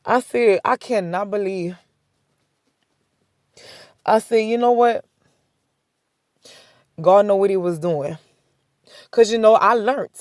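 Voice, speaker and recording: A woman's voice: medium pitch, takes it slowly, pauses often, darkish tone, no room sound, studio quality. A woman sharing a casual spoken faith testimony, talking conversationally, repeating herself and chuckling between points. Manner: repetitive, conversational storytelling with many "I said" asides. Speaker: faith vlogger.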